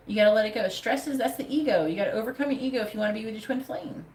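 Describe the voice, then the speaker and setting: A woman's voice: on the high side, very fast, hardly any pauses, a little mellow. A woman giving a live tarot reading, talking in a blunt, profane way with a pep-talk delivery. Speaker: tarot reader. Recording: echoey room with faint background noise.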